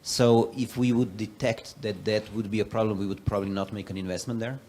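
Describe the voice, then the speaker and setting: A man on a conference panel, an investor and professor, answering a question in a measured, explanatory way. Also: fairly low pitch, fairly even intonation, a little mellow, slight background noise.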